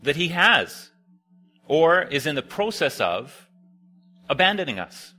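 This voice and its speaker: A young man giving a sermon, telling a camp story in a conversational way and dropping quiet when he quotes people. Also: on the high side, big pitch swings, takes it slowly. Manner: conversational, drops to quiet near-whispers for quoted lines. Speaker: preacher.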